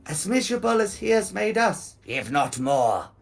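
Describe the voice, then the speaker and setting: A man voicing a gruff, curt hooded figure with a wolf snout, speaking in short clipped bits. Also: sits high, very animated, moderate pace, faint music behind, voice pushed up, exaggerated voice.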